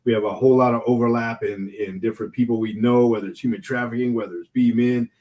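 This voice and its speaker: A man's voice: medium pitch, fairly even intonation, quick pace, a little mellow. A man co-hosting a podcast who talks casually, with slang and lots of enthusiastic praise. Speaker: podcast co-host. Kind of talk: casual chat.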